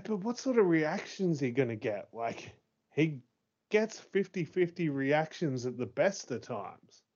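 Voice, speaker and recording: A man in his thirties co-hosting a casual chat. He talks excitably, swears freely and laughs often. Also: fairly high pitch. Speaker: podcast co-host. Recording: dull lo-fi sound.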